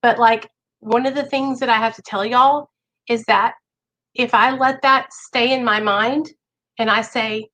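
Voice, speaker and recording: A woman's voice: fairly high pitch, steady tone, measured pace, a bit bright, low-quality recording. A woman talking to camera in a casual, earnest way, coaching viewers through recovery, often checking in with "okay?" and many "like" fillers. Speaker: vlogger sharing recovery advice. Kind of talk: casual advice talk to camera.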